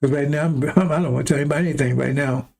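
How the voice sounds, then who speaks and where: A man's voice: on the high side, steady tone, very fast, creaky, a little mellow. A man preaching an emphatic, rambling sermon to his listeners, with a conversational delivery and frequent chuckling asides. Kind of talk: impassioned street-style sermon.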